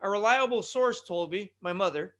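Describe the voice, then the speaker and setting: A man with a high, bright and forceful voice hosts a solo wrestling podcast. He rambles from one aside to the next, joking at his own expense. He trips over his words and restarts his sentences as he goes. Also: moderate pace. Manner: joking, self-deprecating, rambling with tongue-tied restarts. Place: California.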